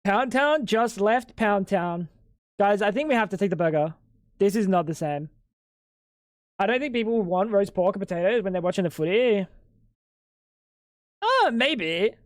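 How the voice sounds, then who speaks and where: A man's voice: high voice, animated, normal speed, long pauses, no echo. Joking streamer guy, dry close mic. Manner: banter with chat, crude and joking. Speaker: livestreamer. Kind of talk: casual live-stream chat.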